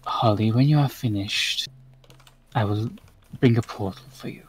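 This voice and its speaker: A man voicing an imperious female goddess of death in a tabletop game, speaking slowly and gravely and sinking toward a whisper. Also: lowish voice, soft background music, low-quality recording. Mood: stern.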